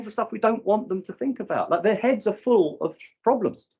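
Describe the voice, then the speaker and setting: A man's voice: high-pitched, a little fast, slightly rough, dull audio. A man in his fifties speaking at a conference session, telling stories and acting out what people said. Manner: animated storyteller acting out quoted people. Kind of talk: live breakout session talk. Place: conference room.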